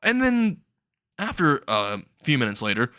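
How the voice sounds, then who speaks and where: A man's voice: medium pitch, huge pitch swings, unhurried, pushed and bright, clean tone, no echo. A man telling a comedic story casually, crude, rambling and often laughing.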